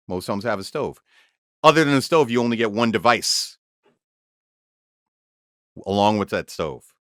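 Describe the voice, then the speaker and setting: A man co-hosting a casual podcast, his voice bright and forward in a dry, close-sounding space. He talks with animated energy, tripping over restarts, then leans into slow, dramatic delivery when he tells a story. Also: medium pitch, no room sound. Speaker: podcast co-host.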